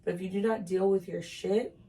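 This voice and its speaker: A woman's voice: mid-range voice, fairly even intonation, brisk, mellow, distant mic, a little hiss or hum. A young woman co-hosting a podcast in casual chat, talking frankly with lots of filler words and some swearing. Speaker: podcast co-host. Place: bedroom with tripod. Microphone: camera on tripod.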